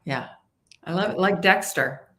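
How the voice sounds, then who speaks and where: A woman's voice: fairly low pitch, unhurried, bright, forceful tone. A woman hosting an interview show, upbeat and playful with her guest. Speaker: host. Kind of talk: casual interview chat.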